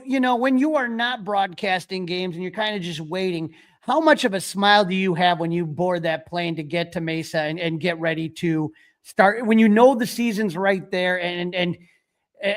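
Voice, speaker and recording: High-voiced eager male podcast host. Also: moderate pace. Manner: eager, stammering restarts. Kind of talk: casual interview.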